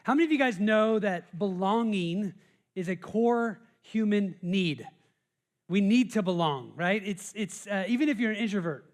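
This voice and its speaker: An American man, a pastor, giving a conversational sermon with frequent restarts and repeated words. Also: high voice.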